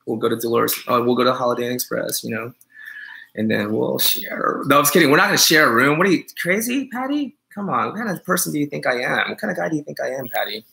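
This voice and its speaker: A man's voice: mid-range voice, fast talker, creaky, bright, forceful tone. A man who is a dog groomer, chatting on a live stream, joking and teasing viewers as he rambles with many fillers.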